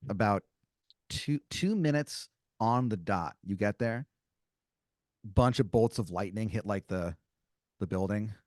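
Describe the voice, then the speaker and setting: A man's voice: on the low side, a little slow, long pauses, a little mellow, no room sound, studio quality. A man improvising a story as game master on a comedy podcast, rambling with lots of fillers.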